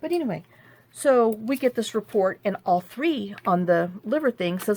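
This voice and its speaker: A woman's voice: medium pitch, expressive, moderate pace, gravelly, darkish tone, slight background noise. A woman chatting casually at her craft table, venting in frustration and restarting often. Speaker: journaling crafter. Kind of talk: casual rambling chat.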